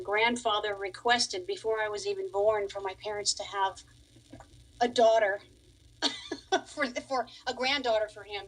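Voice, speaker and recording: A woman's voice: mid-range voice, fairly bright tone, poor audio. A woman in her forties from Long Island chats easily as a guest on a radio interview. She is a musician and piano teacher who laughs often while telling her story. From Long Island, New York.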